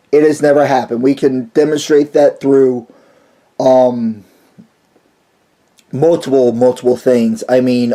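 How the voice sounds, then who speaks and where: A man guest-presenting a casual explainer monologue, speaking bluntly and haltingly, with frequent restarts and pauses. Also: medium pitch, warm tone. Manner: blunt, dismissive of the story.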